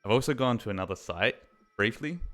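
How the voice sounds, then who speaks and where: A man's voice: medium pitch, expressive, a little fast, fairly bright tone. A young man streaming a game, chatting casually and telling a rambling story with lots of fillers and swearing. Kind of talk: casual chat while gaming.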